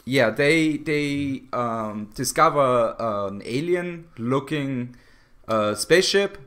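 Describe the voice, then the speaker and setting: Male guest comedian, bright tense voice, jokey banter with fillers. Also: medium pitch, lively intonation, slow, smooth. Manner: joking, hesitant with fillers. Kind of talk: casual comedic chat.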